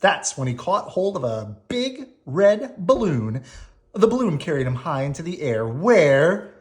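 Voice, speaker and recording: A woman reading a bedtime story aloud to her child at home, playful and animated. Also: low-pitched, unhurried.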